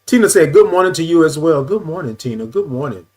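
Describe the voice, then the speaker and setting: With sung, stretched-out greetings for viewers by name and plenty of "y'all," a man hosts a casual morning live stream, repeating himself and adjusting his camera as he talks. His fairly high voice is expressive, with a darkish tone.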